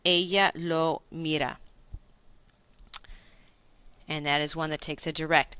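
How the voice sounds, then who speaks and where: A woman gives a recorded grammar lesson with a bright, clean voice. She walks through each point patiently, asks if it makes sense, and fixes her own slips as she goes. The sound is close and dry. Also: sits low, fairly even intonation, slow, pauses often, clear, resonant tone, no echo. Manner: explains step by step with frequent self-corrections and check-in questions. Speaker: Spanish teacher.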